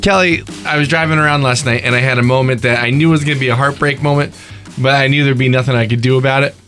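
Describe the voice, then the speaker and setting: A man's voice: mid-range voice, fairly even intonation, quick pace, fairly bright tone, faint music behind. A man co-hosting a radio show from a studio, telling a rambling, self-mocking story in casual on-air chat. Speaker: radio co-host.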